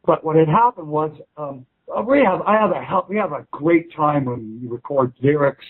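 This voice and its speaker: In a casual phone interview with a tinny sound, a male musician speaks at normal speed in a fairly high, slightly rough voice with lively intonation. He restarts sentences as he rambles and swears frequently.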